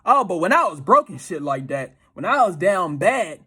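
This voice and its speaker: A man's voice: high voice, big pitch swings, normal speed, sharp tone, slightly rough. A man talking casually about dating in a profane, slangy, often laughing monologue. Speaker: dating advice commentator.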